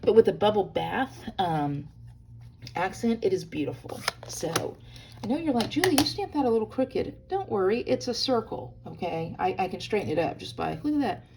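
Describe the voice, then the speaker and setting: Woman, craft-tutorial host, gravelly and animated, friendly direct address, faint hiss behind. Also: medium pitch, moderate pace. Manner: chatty, bubbly, talks straight to viewers. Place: hotel room.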